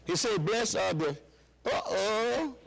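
A man's voice: lively intonation, normal speed, poor audio. A man preaching a sermon to his church, calling out questions for the congregation to answer. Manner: call-and-response preaching, rising and dropping pitch.

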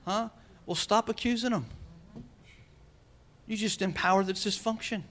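A male pastor preaching a sermon in a folksy, animated way, joking with the congregation. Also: high voice, a little slow.

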